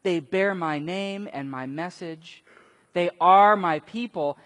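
A man preaching a sermon, telling stories and acting out quotes with sudden loud bursts. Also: high-pitched, takes it slowly. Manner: animated storytelling, acts out quotes with big swings in loudness. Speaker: pastor. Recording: long reverb of a large hall.

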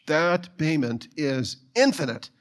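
Middle-aged guy preaching, kinda higher voice, tells stories, keeps asking the crowd stuff. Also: slow pace. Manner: storytelling, animated, asks the listeners questions. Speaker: pastor. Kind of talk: sermon.

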